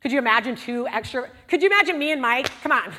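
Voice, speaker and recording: A woman preaching a candid, conversational sermon in a large church sanctuary. Her voice sits a little high. The long reverb of the big hall trails behind each phrase. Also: expressive. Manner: candid, conversational preaching with quick swings from hushed to loud. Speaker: speaker at a church service.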